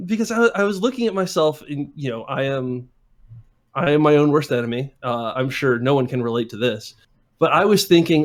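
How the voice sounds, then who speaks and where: A man's voice: on the high side, animated, brisk. A man in his twenties, a guest on a show, telling a self-deprecating story in casual chat and acting out the quotes. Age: 20s.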